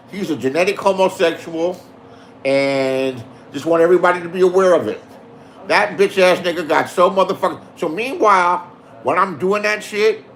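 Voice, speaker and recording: A man's voice: high voice, fairly bright tone, slight background noise. A man telling a profane story in a boastful rant, swearing and insisting that what he says is the truth. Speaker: online show host.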